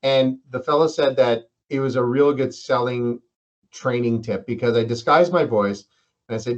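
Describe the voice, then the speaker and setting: A man's voice: medium pitch, fairly even intonation, quick pace. A man hosting a casual interview, joking around and rambling through anecdotes. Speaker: interview host. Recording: dull lo-fi sound.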